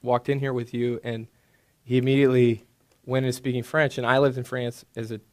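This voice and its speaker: A man interviewing a guest on stage in a relaxed, chatty way. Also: medium pitch, brisk. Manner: relaxed, chatty, with small restarts.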